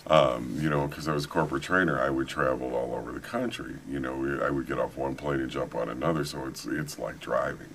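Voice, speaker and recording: A middle-aged man telling a travel story in a casual interview, animated and laughing often. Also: very deep voice, brisk, creaky, few pauses, a little hiss or hum. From United States. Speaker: author, interview guest. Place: conference venue, indoors.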